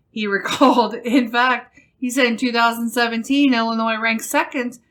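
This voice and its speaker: A woman podcast host reading a news article aloud in a slow, deliberate way. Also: fairly high pitch, fairly even intonation, a bit bright. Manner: slow, deliberate reading with laughs between phrases.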